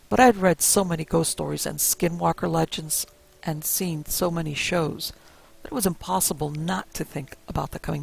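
A man narrating a first-person spooky story in a measured, suspenseful way. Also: on the high side, gravelly, husky, dry recording, rough recording.

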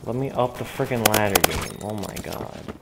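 Frustrated trash-talking young-sounding gamer, low voice. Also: male voice, expressive, moderate pace, very noisy. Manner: swings between muttering and sudden yelling. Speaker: gamer commentating his own match. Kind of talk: live gameplay commentary. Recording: game gunfire clearly behind the voice.

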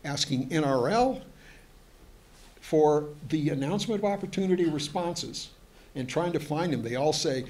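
A man's voice: fairly high pitch, animated, normal speed, a little mellow. A man, a museum historian, giving a lecture to an audience, hesitant with many fillers and restarts, and chatty with joking asides.

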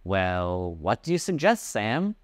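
A man voicing a young housewife, speaking with bright, forced cheerfulness. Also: fairly low pitch, big pitch swings, slow, dry recording, studio quality.

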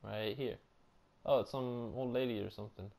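A young man doing casual let's-play commentary on a horror game, loud, joking and slangy. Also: medium pitch, steady tone, normal speed, vocal fry. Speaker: gameplay streamer.

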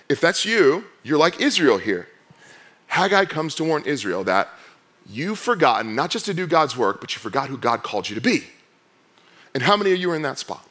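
A pastor delivering a sermon in a fairly high male voice. He speaks conversationally and keeps putting direct questions to his listeners. His delivery shifts between loud, fired-up bursts and quiet, low stretches. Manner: conversational, asks the congregation many direct questions.

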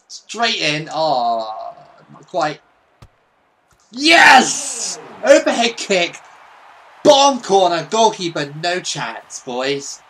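A man giving casual, excitable, sweary commentary over his own football gameplay. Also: sits high, extremely slow. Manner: excitable, sweary, mock-patriotic. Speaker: gaming YouTuber.

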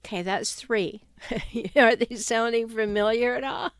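A woman giving advice on toxic relationships in an emphatic, animated way. She sometimes drops her voice to act out quoted sarcastic remarks. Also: on the high side, a little slow, clean tone, no echo, clean studio sound. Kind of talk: talking-head advice video.

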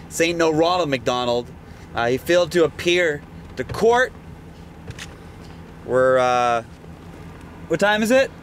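A man's voice: a little high, lively intonation, takes it slowly, long pauses, slight background noise. A man hosting a bounty hunting vlog, talking in a casual, joking, rambling way from inside a car. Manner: joking, laid-back, rambling. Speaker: bounty hunter host.

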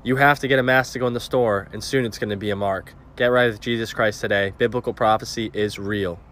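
A man's voice: fairly low pitch, fairly even intonation, fast talker, fairly bright tone, a little hiss or hum. Earnest man preaching warnings. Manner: earnest, insistent. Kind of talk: preachy conspiracy monologue.

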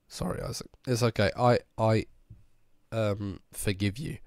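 Gravelly man, ill, cracking voice. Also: fairly low pitch, darkish tone, no room sound. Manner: chatty, laid-back, answers viewers one by one. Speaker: streamer. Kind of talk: casual chat with live viewers.

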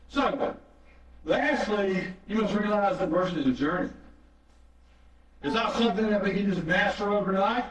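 Pastor preaching in an echoey church. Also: male voice, sits high, expressive, moderate pace. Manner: earnest, repeats phrases for emphasis. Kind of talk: sermon with storytelling. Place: church sanctuary. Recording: echoey, distant, dull church recording.

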